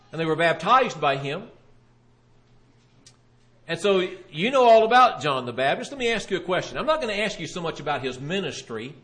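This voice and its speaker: Retelling a Bible story from the pulpit, a high-voiced preacher brings it to life with animated delivery and acts out the questioners' lines himself.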